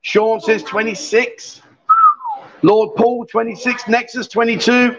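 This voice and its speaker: A man with a high, light voice hosts a live stream from a bar, teasing and joking with his guests in easy banter. The audio is dull and lo-fi. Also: fairly even intonation, slow pace, a bit bright, a little hiss or hum. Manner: teasing, jokey and chatty. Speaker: livestream host.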